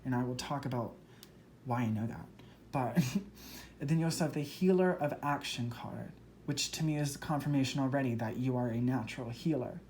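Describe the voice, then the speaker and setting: A tarot reader and medium giving an earnest, emotional spoken tarot reading to viewers, gushing and spiritual, often speeding up in excited bursts. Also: medium pitch, normal speed, slight background noise.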